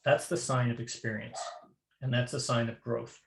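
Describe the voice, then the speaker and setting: A man's voice: medium pitch, flat delivery, normal speed, gravelly, reverberant, background noise. A man instructing a square dance calling class, talking conversationally and repeating words as he explains. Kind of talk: online class teaching.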